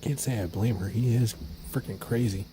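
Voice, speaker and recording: A man at home talking to his cats in soft, cooing baby talk, chuckling often as he films them on a handheld camera. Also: on the low side, normal speed, noisy background. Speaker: pet owner filming his cats. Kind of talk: casual talk to pets. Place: home indoors, hallway and living room.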